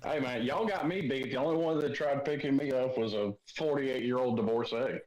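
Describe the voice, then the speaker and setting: A man's voice: medium pitch, fairly quick, a little mellow, low-quality recording. A man on a casual podcast, making dry teasing remarks.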